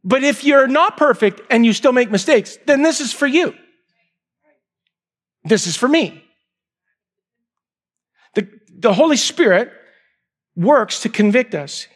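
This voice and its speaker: High-voiced male pastor preaching. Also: lively intonation, a little slow, pauses often. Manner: emphatic, repeats key lines, swings from raised to hushed. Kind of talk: sermon.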